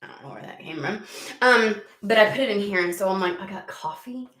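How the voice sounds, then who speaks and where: An American woman reads tarot while chatting casually, often getting sidetracked and swearing now and then in a rambling way. Her mid-range voice is fairly bright, with lively intonation and a slightly fast pace. The room is echoey.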